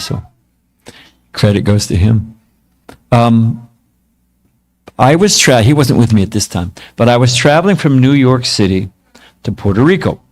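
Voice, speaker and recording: Older man telling a spiritual anecdote. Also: mid-range voice. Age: 70s. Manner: casual, self-mocking storytelling with fillers. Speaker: monk giving a talk.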